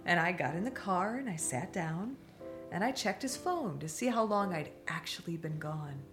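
A middle-aged woman telling a long, animated anecdote on a talk show. She laughs often and acts out the voices of the people in her story. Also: lowish voice, moderate pace, music in the background.

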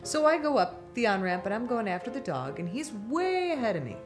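A middle-aged woman telling a long, animated anecdote on a talk show. She laughs often and acts out the voices of the people in her story. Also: on the high side, brisk, over music.

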